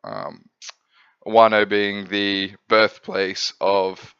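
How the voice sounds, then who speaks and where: A man's voice: on the low side, very slow, gravelly, clear, resonant tone, no room sound. Rambling man, lo-fi sound. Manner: rambling, filler-heavy, laughs at himself. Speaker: comics reviewer. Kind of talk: casual review chat.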